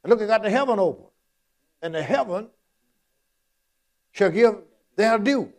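A man's voice: high-pitched, lively intonation, unhurried, darkish tone. A man preaching a sermon in a folksy, repetitive, emphatic way, quoting Scripture.

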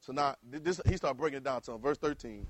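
A male preacher, delivering a sermon in call-and-response style that rises to loud exhortation. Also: medium pitch, fast.

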